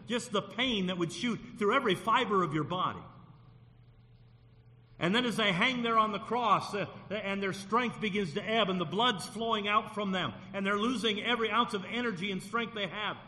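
A man's voice: sits high, moderate pace, bright, forceful tone. A man preaching a Sunday sermon in earnest, often repeating phrases as he builds a point. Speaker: pastor. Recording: long reverb of a large hall.

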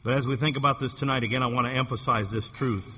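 Emphatic male preacher, bright tense voice. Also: mid-range voice, steady tone, in a large hall, slight background noise. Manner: emphatic, slows down to stress key phrases. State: losing his voice, coughing. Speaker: pastor. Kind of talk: sermon. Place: church sanctuary.

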